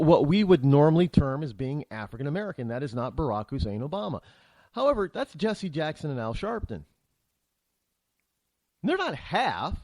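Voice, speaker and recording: Male talk host, fired-up opinion monologue, high animated voice, dry close sound. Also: no echo. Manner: heated, opinionated, rambling with frequent restarts. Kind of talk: political commentary monologue.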